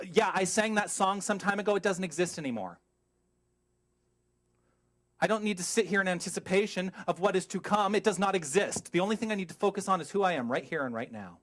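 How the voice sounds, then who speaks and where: Middle-aged male minister, lively sermon delivery, slightly higher pitch, asks the room questions. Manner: animated, emphatic, asks the congregation questions, goes off on tangents.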